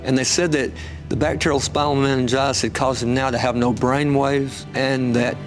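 A man guest telling an emotional testimony with fervent storytelling, rising high when excited. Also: normal speed, music in the background.

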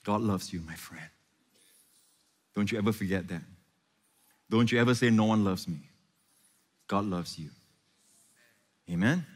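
A man's voice: lowish voice, measured pace, long pauses, husky. Impassioned male preacher in a hall. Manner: impassioned preaching, swinging from loud questions to hushed reassurance. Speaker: pastor. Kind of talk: sermon.

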